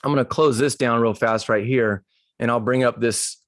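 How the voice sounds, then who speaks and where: Recorded dry with clean studio sound, this man delivers a motivational talk at normal speed in a steady, medium-pitched tone. He shares personal stories with casual candor and humor, chatting conversationally and voicing the dialogue himself.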